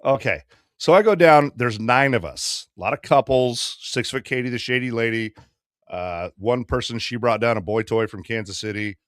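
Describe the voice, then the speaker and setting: A man in his fifties, co-hosting a podcast and telling a long story casually, profane and quick to act out other people. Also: mid-range voice, no room sound, clean studio sound. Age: 50s. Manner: profane, animated storyteller doing quick voices. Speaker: podcast co-host.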